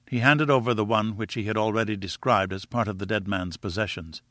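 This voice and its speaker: A man narrating a novel in a measured, even reading voice. His tone is bright and forceful, and the recording is close and dry. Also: on the low side, dry recording. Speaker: audiobook narrator. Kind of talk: scripted narration.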